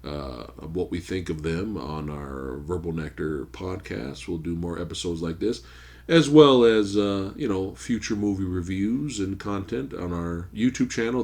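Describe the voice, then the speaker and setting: A man co-hosting a movie podcast, talking casually and haltingly about films. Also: sits low. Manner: laid-back, halting with restarts. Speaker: podcast co-host. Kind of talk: casual movie review chat.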